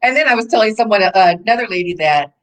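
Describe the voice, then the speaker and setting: A woman's voice: medium pitch, expressive, quick pace, fairly bright tone, rough recording. A woman guest on a radio talk show, talking casually and laughing often as she tells teasing stories. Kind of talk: casual conversation.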